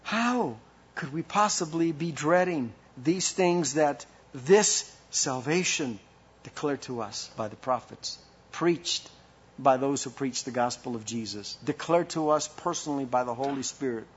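A man's voice: a little high, lively intonation, a little slow, slightly rough, muffled recording. A man preaching a sermon as pastor, with impassioned rhetorical questions and a delivery that rises and falls.

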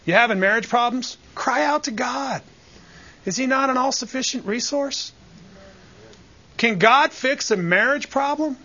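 Guy teaching a bible class, high bright voice, kinda dull lo-fi sound. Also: measured pace. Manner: preacherly, asks the group questions. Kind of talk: church Bible lesson. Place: church room with a group.

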